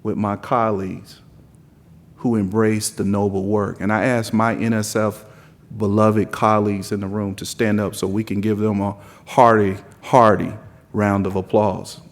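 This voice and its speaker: A low-pitched man with a softened Southern drawl delivers a rousing opening speech at a lectern. He stacks his points into repetitive, building lists. His voice rings out with the long reverb of a big conference hall. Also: flat delivery, normal speed. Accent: mild Southern US drawl. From South Carolina. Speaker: conference speaker giving opening remarks. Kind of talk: impassioned keynote speech.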